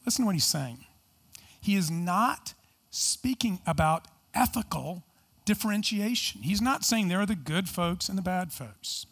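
A man's voice: high-pitched, expressive, a little slow, a bit bright, breathy edge. A man preaching a sermon in an earnest, emphatic way, asking rhetorical questions and explaining scripture. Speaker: pastor.

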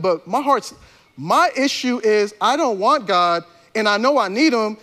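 High-voiced male pastor preaching casually. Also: a bit bright. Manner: conversational and slangy, with many restarts. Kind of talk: sermon.

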